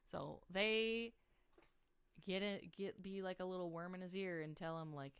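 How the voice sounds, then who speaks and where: A young woman rambling excitedly about her story characters on a casual livestream, full of filler words. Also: on the low side, unhurried, smooth. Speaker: streamer. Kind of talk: casual livestream lore chat.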